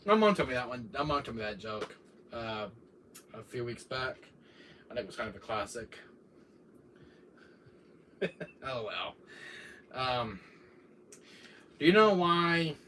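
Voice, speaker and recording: A man chatting casually on his livestream, rambling from one joke to the next with lots of fillers and chuckles. His voice sounds bright and edgy. The mic sits some distance away and picks up faint room noise. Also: medium pitch, very animated, unhurried, long pauses. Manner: rambling, laughing often, many fillers. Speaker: livestream host.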